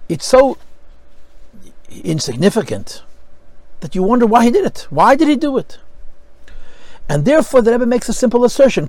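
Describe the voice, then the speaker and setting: A man's voice: high-pitched, vocal fry, a little mellow, dry recording, low-quality recording. A man teaching a Chassidic discourse class, explaining texts with rhetorical questions and many Hebrew terms. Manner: explanatory, mixes Hebrew and Yiddish terms with English. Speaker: Torah teacher.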